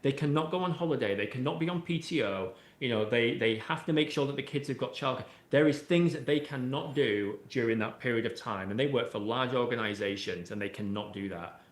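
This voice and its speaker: A man guesting on an interview podcast as an AI expert talks a little fast in a mid-range voice, hardly pausing. His explanations run long and conversational, packed with "you know"s and "right?"s, and the room sound is roomy and echoey.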